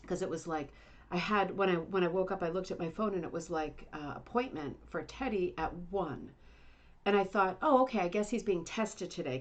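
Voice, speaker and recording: A middle-aged woman hosting a casual livestream chat from home, chatty, rambling and self-deprecating. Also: lowish voice. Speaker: livestream host. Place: home, Indiana.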